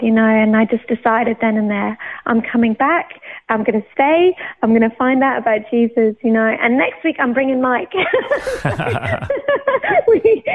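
A woman in her thirties telling her personal faith testimony in an animated way, laughing often. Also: a little high. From England. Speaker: guest sharing her faith story. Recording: tinny phone-line sound.

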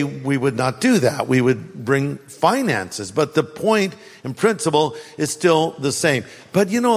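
A man's voice: fairly high pitch, in a large hall. An older man and grandfather preaching a sermon as a pastor, telling stories with animation, dry sarcasm and emphatic repetition.

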